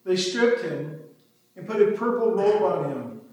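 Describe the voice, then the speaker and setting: A man's voice: high voice, very animated, measured pace, darkish tone. A man giving a dramatic scripture reading, lifting his voice for the quoted speech. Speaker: scripture reader. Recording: very echoey room, distant mic.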